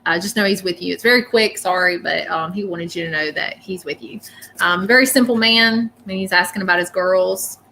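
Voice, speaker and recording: A woman with a gravelly, bright voice gives readings on a livestream. She talks in a chatty, rambling way and keeps apologizing. Faint noise sits under her voice. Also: fairly low pitch, normal speed, poor audio. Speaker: psychic reader.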